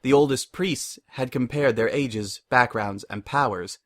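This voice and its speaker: A man narrating a story in a measured, expressive dramatic reading. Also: mid-range voice. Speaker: reader.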